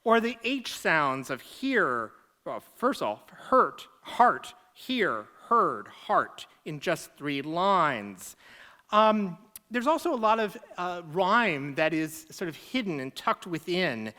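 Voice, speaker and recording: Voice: mid-range voice, pushed and bright. A faculty member giving a TED-style lecture, explaining in close scholarly detail and tapping out rhythms aloud.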